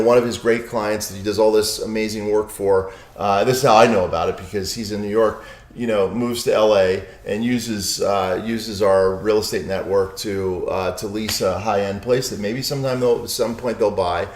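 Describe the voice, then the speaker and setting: A middle-aged man being interviewed as a guest, chatting casually and telling anecdotes with frequent asides to his listener. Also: fairly low pitch. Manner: storytelling with many "you know" and "right?" asides. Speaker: podcast guest, author and lawyer. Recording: roomy echo.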